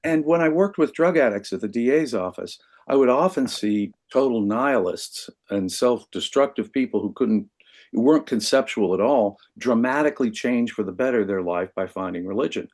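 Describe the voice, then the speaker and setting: A man speaking as a guest in a conversational discussion, animated and emphatic, with frequent restarts. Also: mid-range voice, moderate pace.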